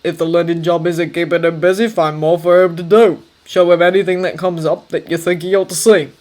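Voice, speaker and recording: Woman doing a cussing, hard-drinking army sergeant, blunt and gruff, lowish voice. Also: flat delivery, fairly quick, warm tone, lightly acted. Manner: blunt, swears constantly. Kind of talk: audiobook character voice.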